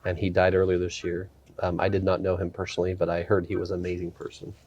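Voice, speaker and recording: Deep-voiced male podcast host. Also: completely flat delivery, fast talker, darkish tone, dull audio. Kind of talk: podcast interview.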